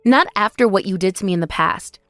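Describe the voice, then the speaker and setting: A woman plays a wronged older sister in a text-message story drama, calm and quietly sarcastic. Her voice sits at a middle pitch and stays measured. The recording is dry with soft music underneath. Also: dry recording, close to an everyday voice. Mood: cold.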